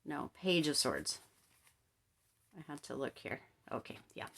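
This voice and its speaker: A woman with a notably low voice talks through a tarot reading in a loose, chatty way. She keeps checking in with the listener and swoops up into lively reactions. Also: measured pace, vocal fry. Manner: chatty, checks in often with "right?" and "okay?". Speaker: tarot card reader. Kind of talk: casual tarot reading to camera.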